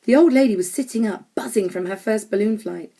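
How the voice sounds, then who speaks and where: Lady reading a kids storybook aloud, clear and measured, mid pitch. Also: warm tone. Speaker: audiobook narrator. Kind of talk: scripted storybook narration.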